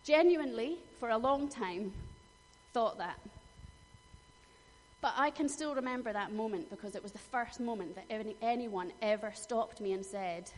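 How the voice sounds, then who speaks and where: A woman's voice: a little high, brisk, few pauses. A middle-aged woman preaching a sermon, telling personal stories in an earnest way, with emphatic bursts. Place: church hall. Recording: long hall reverb, faint noise.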